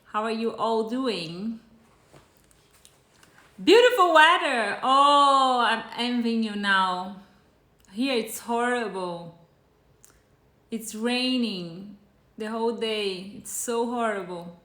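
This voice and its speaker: Brazilian-accented woman host, unhurried chatty live cooking stream, bright tone, echoey room. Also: a little high. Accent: Brazilian Portuguese. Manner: chatty, greets viewers by name. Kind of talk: casual live-stream chat.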